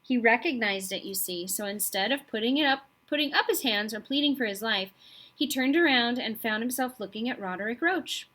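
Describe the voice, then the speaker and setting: Bright-voiced woman reading to children. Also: on the high side, a little fast. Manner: friendly, addresses children directly. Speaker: children's storybook reader. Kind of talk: reading a children's novel aloud.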